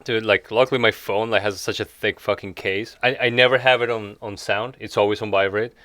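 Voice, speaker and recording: A man with a fairly low voice hosts a relaxed podcast conversation with an old friend. He talks in an easygoing, profane way and laughs often. The sound is dry, with almost no room echo. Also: fairly quick. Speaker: podcast host. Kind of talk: casual podcast chat.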